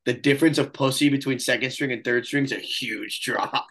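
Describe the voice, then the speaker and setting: A man's voice: mid-range voice, a bit bright. A man co-hosting a podcast, telling sports stories in a laid-back, profane, joking way. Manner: laid-back, profane storytelling, quick laughs. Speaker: podcast co-host. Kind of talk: casual sports chat.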